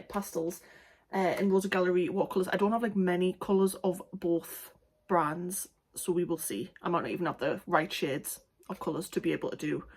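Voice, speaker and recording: A chatty young woman talks casually about her art supplies, rambling with plenty of fillers. Her voice sits at a medium pitch, and a faint hiss runs under the recording. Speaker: art vlogger. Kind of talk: casual chat.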